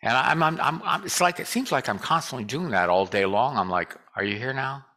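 Bright-voiced man giving a lively casual sermon. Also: medium pitch, a little fast. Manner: joking, conversational, leads call and response. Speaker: guest speaker. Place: church sanctuary.

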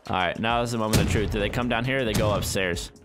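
A young man giving live gameplay commentary, muttering one moment and yelling in frustration the next, with game gunfire and music underneath. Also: on the low side, quick pace. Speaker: gaming YouTuber. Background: game gunfire and instrumental music.

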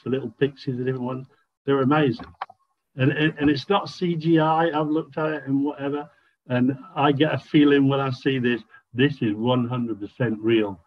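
An enthusiastic man rambles on, tripping over restarts as he explains. His voice comes through a tinny, narrow phone-like line. He sounds like he's casually chatting on a video call. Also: mid-range voice.

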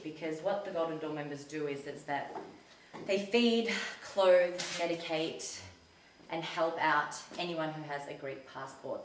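A woman telling a personal story in a casual talk to an audience, chatty and animated when she quotes herself. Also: deep voice, slight background noise. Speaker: community talk speaker. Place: community centre hall. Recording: echoey hall recorded from a distance.

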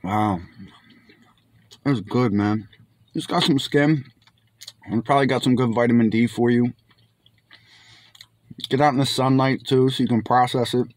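Excited man reviewing canned fish. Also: medium pitch, unhurried, pauses often. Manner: enthusiastic, keeps saying "my friends"; exclaims while tasting. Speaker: food reviewer. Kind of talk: casual food review vlog.

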